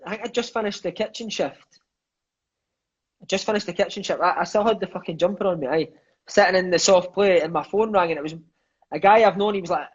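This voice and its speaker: A man's voice: high voice, lo-fi sound. A Scottish man in his thirties, a podcast guest telling stories in casual chat, swearing freely and peppering his talk with "mate" and "aye". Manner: swears freely, fills lines with "mate" and "aye", quick enthusiastic storyteller.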